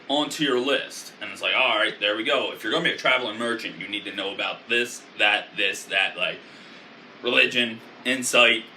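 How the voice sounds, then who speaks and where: A man's voice: medium pitch, sharp tone, a little hiss or hum. A man casually explaining a tabletop game character build, rambling with many fillers. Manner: loose and rambling, with frequent fillers. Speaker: video creator.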